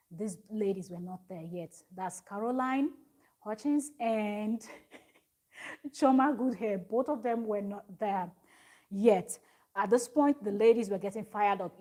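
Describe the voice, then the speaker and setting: A woman talks through a reality show episode in a loose, casual recap. She rambles and restarts often, tosses in "um" and "like", and her voice sits at an ordinary middle pitch for a woman. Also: mellow. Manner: rambling, many fillers and restarts, reads viewer comments. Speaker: recap vlogger.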